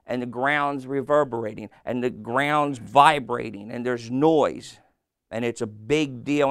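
A man's voice: mid-range voice, gravelly, a bit bright, clear, resonant tone, no room sound, clean studio sound. A man preaching a sermon, asking his congregation questions and answering them himself. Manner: slow, call-and-response questions to the congregation.

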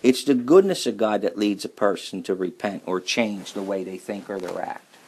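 A man preaching a sermon, emphatic, repeating key phrases and slowing right down to stress his points. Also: lowish voice, a little mellow, husky.

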